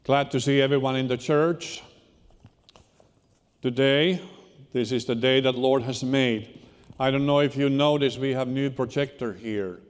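A pastor delivers a sermon in a church sanctuary, speaking unhurriedly but haltingly, stopping and starting over again and again. His mid-range voice has fairly even intonation, and the hall's reverberation gives it a churchy echo.

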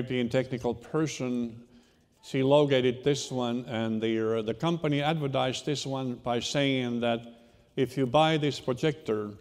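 Pastor preaching in a reverberant church. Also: male voice, medium pitch, a little mellow. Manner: unhurried, halting delivery with repeated restarts. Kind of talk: sermon. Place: church sanctuary.

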